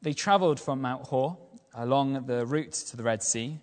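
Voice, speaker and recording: A man giving a lively evening sermon as a lay preacher, using rhetorical questions and repetition. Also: medium pitch, moderate pace, in a large hall. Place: church.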